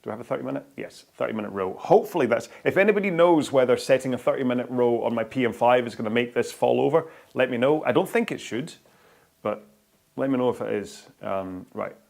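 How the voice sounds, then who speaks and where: Man, gravelly voice, rambling live-stream workout host, lots of fillers. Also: medium pitch, quick pace, darkish tone. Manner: chatty and rambling, with many fillers and restarts.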